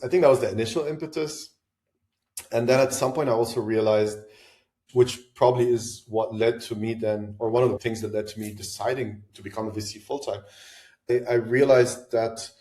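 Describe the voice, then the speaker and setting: A man's voice: on the low side, mellow. A man from Lebanon, a podcast guest, answering interview questions in a reflective way, thinking aloud with asides and restarts. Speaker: podcast guest, venture investor. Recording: roomy echo.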